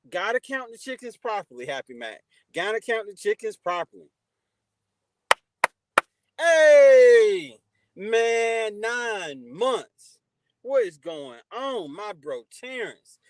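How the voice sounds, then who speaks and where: A man with a fairly high voice hosts a casual livestream. He greets viewers by name and gives relaxed advice. His voice sounds close and dry, with no room behind it. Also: no room sound, poor audio. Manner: shouts out chat viewers warmly by name, preachy advice. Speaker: livestream host.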